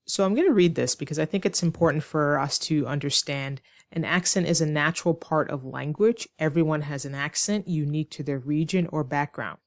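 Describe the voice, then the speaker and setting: A woman teaching an online English lesson, explaining slowly and clearly with rhetorical questions to her students. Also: low-pitched, dry recording, studio quality. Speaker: ESL teacher.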